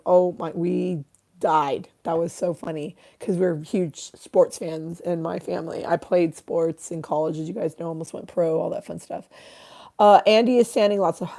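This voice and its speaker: A woman's voice: lowish voice, steady tone, moderate pace, gravelly, warm tone. A woman in her thirties hosting a casual livestream, rambling, swearing freely and reading out chat comments. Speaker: livestream host.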